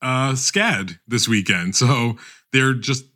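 A man co-hosting a podcast, chatting casually about awards season in a rambling, halting way full of restarts. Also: mid-range voice, sharp tone. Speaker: podcast co-host.

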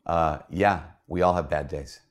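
A man voicing a distracted husband who brushes off his wife with flat, dismissive replies. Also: a bass voice, measured pace. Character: indifferent husband behind a newspaper.

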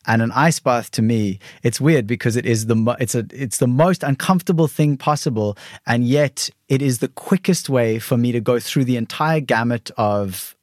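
A male podcast host, mid-pitched, speaks in a thoughtful, searching way, often doubling back and restarting his phrases as he works through an idea out loud. His voice sits close and dry, with almost no room sound around it. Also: moderate pace, hardly any pauses, no room sound. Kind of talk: reflective conversational storytelling.

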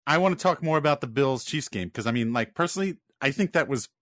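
A man co-hosting a podcast, an excited father chatting about football with lots of stumbling restarts. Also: mid-range voice, fast talker, dry recording, studio quality. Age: adult father. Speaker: podcast co-host. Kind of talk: excited casual sports chat.

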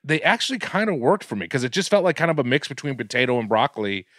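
A man's voice: mid-range voice, sing-song, quick pace, a bit bright, dry recording, studio quality. A man co-hosting a podcast, telling rambling food stories in casual chat and swearing freely. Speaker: podcast co-host.

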